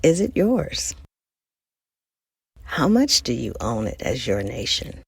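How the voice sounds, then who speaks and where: A woman podcast host from the United States speaks in a low, husky, gravelly voice. She talks in a thoughtful, measured way with lively swings of pitch and addresses her listeners directly. The sound is dry and close. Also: dry recording. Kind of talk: reflective solo podcast monologue.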